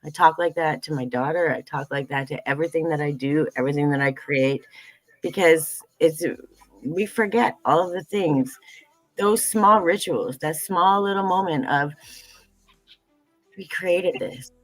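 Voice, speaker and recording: Earnest woman with a low voice. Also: moderate pace, no echo, poor audio. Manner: earnest, repeats phrases, many fillers. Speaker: tea business founder, guest. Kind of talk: heartfelt livestream conversation.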